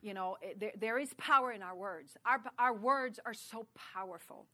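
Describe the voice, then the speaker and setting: Bright-voiced woman preaching. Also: mid-range voice, normal speed. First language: French. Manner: conversational, chatty preaching with asides and laughs. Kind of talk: sermon.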